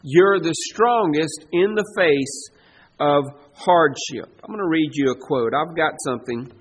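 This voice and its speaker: A middle-aged man preaching a sermon as pastor, emphatic, repeating key phrases and slowing down to stress commands. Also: a little high, breathy edge.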